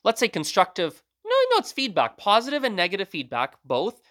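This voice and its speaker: A man's voice: high-pitched, sing-song, a little fast, a bit bright, no echo, studio quality. A man hosting a language learning podcast, talking casually in a rambling, self-correcting way. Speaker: podcast host. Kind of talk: casual solo monologue.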